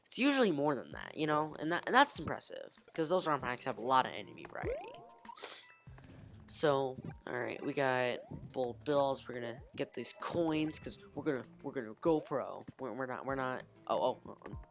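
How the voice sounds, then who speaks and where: A woman's voice: rumbling low, sing-song, normal speed, soft background music. A woman giving casual, rambling gameplay commentary, restarting her sentences and calling out to "guys.". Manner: rambling, frequent restarts, keeps saying "guys". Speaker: gaming video creator. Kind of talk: casual let's-play commentary.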